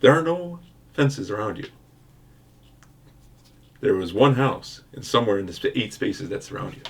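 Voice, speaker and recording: A man acting as game master in a board game playthrough, reading out results in an even, formal way and laughing often. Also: on the low side, moderate pace, slightly rough.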